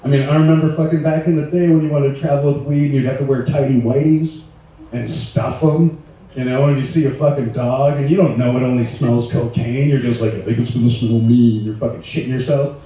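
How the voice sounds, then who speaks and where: A man with a very dark, mellow voice works a small live room with loose, profane stand-up. He sounds a little distant from the mic, in a very echoey space with a faint hiss behind him. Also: medium pitch, fairly even intonation, brisk. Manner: loose, profane, laughing through his bits. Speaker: stand-up comedian. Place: small live venue with an audience.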